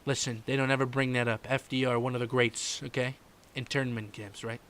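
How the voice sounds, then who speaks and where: A man's voice: mid-range voice, level tone, fairly quick, a little hiss or hum, natural voice. A man doing a rambling, boastful older politician. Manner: rambling, repetitive, trails off quietly on "folks" and "okay". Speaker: podcast host doing an impression. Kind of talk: comedic political impression monologue.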